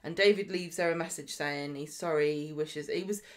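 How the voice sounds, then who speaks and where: A woman's voice: low voice, normal speed, a loud crowd. A woman co-hosting a podcast, recapping soap episodes in casual chat and slipping into character voices. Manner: chatty, mimics characters in voices while retelling. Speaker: podcast co-host.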